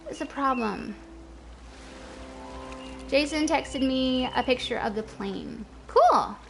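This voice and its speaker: A woman's voice: high-pitched, animated, slow pace, vocal fry. A young woman in her twenties chatting casually with her viewers while playing a game, rambling from topic to topic. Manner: chatty, rambling, talks to chat. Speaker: game streamer. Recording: noisy stream audio.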